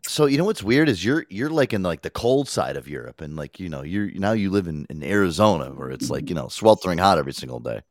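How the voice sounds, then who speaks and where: Lively, profane male host. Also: low-pitched, fast, hardly any pauses, no echo, studio quality. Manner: profane, rambling, laughing often. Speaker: radio show host. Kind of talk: casual chat.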